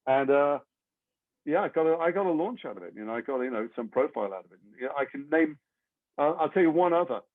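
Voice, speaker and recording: An English actor being interviewed, telling long rambling anecdotes with self-deprecating humor. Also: male voice, fairly high pitch, expressive, quick pace, no echo. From England. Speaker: actor guest. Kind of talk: interview storytelling. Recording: tinny phone-like line, dry.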